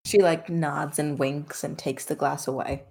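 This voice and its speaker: A woman narrating a tabletop game as game master, in a relaxed, casual way. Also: deep voice, measured pace, gravelly.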